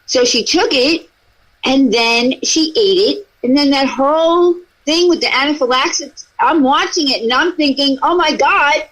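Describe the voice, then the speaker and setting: A woman's voice: high-pitched, normal speed, fairly bright tone, poor audio. A woman co-host telling a rambling, self-defensive story in a casual chat, with plenty of swearing.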